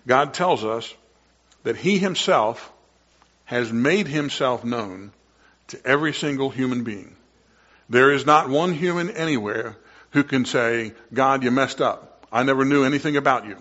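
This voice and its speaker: A man preaching a sermon as pastor, earnest and emphatic, slowing down to stress key words. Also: mid-range voice, a bit bright, muffled recording.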